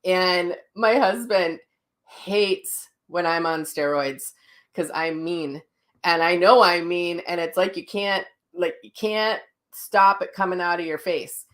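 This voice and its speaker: A middle-aged woman talks in a loose, chatty way, blunt and ready to laugh at herself. Her voice sits a little low for a woman. She answers viewer comments in a casual live session. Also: fairly even intonation, slow pace, fairly bright tone. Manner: blunt, chatty and self-mocking, with frank language. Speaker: psychic medium hosting a daily live session.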